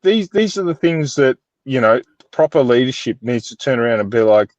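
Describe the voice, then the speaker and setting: A man's voice: medium pitch, lively intonation, moderate pace, a little mellow, no echo. A man in casual chat on a call, ranting with fired-up emphasis. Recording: dull dry video-call audio.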